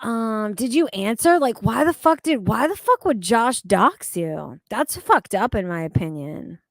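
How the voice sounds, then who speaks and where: A woman's voice: fairly high pitch, animated, measured pace, no echo, clean studio sound. A woman streaming live, reading chat comments aloud and reacting in a blunt, profane, exasperated way.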